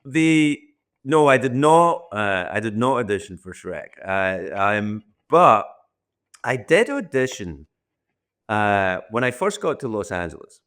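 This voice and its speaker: A man's voice: on the low side, expressive, takes it slowly, fairly bright tone. Rambling Scottish man in his sixties. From Scotland. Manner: rambling, self-deprecating, restarts often. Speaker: guest. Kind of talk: podcast interview.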